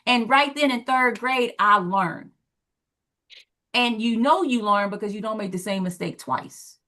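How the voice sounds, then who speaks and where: A woman in her forties from the American South, a former teacher and parent, telling stories on a talk show and acting out the quotes. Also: measured pace. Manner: animated storyteller, acts out quotes with big pitch jumps. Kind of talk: storytelling in a talk show discussion.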